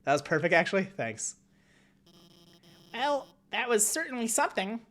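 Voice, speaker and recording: Rambling male streamer, lively pitch. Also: moderate pace. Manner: rambling, filler-heavy musing. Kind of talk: casual chat.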